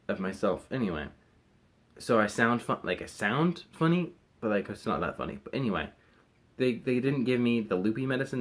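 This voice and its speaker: A young man chatting casually to camera in a rambling, hesitant way, full of fillers and restarts. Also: lowish voice. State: recovering from wisdom teeth removal. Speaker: vlogger.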